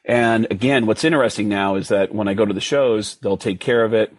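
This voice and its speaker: Husky animated storytelling comedian. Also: male voice, a little fast. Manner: animated, jumps high when quoting himself. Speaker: guest comedian. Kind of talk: casual storytelling.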